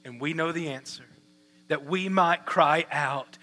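A man's voice: a little high, a little slow, sharp tone. A man preaching a sermon with passion, asking repeated rhetorical questions. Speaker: pastor.

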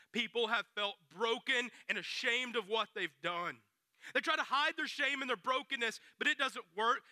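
A man preaching a storytelling sermon, dramatic and dropping to hushed near-whispers for emphasis. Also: high voice, no room sound, studio quality.

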